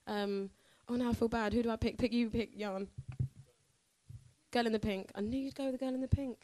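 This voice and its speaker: A woman's voice: on the high side, steady tone, a little fast, dark tone, no room sound. A woman, chatting in a bubbly, casual way as a singer answering questions from a live audience. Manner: bubbly, chatty, laughs often.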